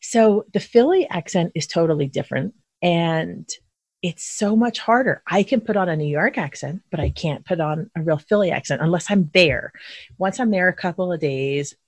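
A woman with a low voice hosts a relaxed interview, chatty and animated as she reminisces. The sound is close and dry, with no room around it. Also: normal speed, no room sound. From Philadelphia. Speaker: podcast host. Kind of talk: casual conversational interview.

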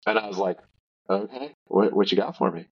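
A man's voice: low-pitched, fairly quick, husky, highs cut off. A man on a remote podcast call, telling a rambling story in casual chat with swearing and fillers. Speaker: podcast co-host.

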